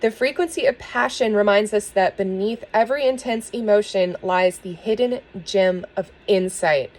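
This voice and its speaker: A woman giving a spiritual tarot reading and talking earnestly to her viewers, soft and emotional, with small laughs. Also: medium pitch, moderate pace, rough recording. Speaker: tarot reader.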